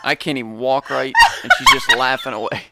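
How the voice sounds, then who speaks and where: Profane deadpan man, noisy recording. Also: medium pitch, brisk, gravelly. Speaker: podcast co-host. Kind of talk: casual storytelling chat.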